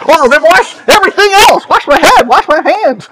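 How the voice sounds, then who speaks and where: An impulsive, outspoken apostle insists and protests in a high, loud voice, as a male preacher acts him out in a sermon. He blurts every line without pausing. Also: expressive, slight background noise, full character voice, low-quality recording. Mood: insistent.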